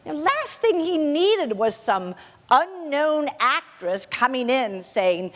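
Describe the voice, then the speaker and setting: An actress in her sixties playing a gentle, modest film star who reminisces in a soft, gracious storytelling manner, laughing lightly now and then. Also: high-pitched, big pitch swings, slow pace, exaggerated voice. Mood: fond, amused. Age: 60s. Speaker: actor in a one-woman portrayal. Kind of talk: theatrical monologue. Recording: long reverb of a hall.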